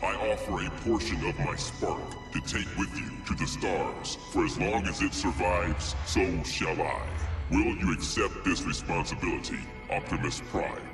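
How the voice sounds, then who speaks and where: A man's voice: sits low, normal speed, few pauses. An actor playing an ancient, wise male robot elder in a video game, speaking with grave ceremony. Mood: solemn. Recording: echoey, distant, loud game music.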